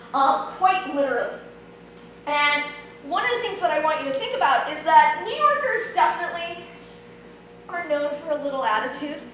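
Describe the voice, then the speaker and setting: High-voiced woman lecturing in an echoey hall. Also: fairly bright tone. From Ohio, USA. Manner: friendly, conversational, many ums. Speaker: history lecturer. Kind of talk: public lecture. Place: large church hall. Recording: very echoey hall, distant mic, faint noise.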